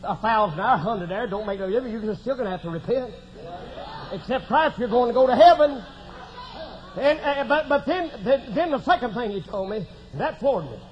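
A man preaching a testimony sermon in a folksy manner, breaking into shouted exclamations. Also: very high voice, animated, moderate pace. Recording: dull lo-fi recording with faint noise.

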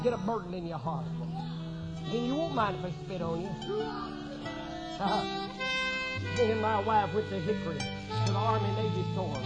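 Fervent high-voiced preacher. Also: male voice, sing-song, normal speed, long pauses, over loud music. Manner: fervent, swings from loud shouting to low hushed tones. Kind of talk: revival sermon testimony. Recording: dull lo-fi recording with faint hiss.

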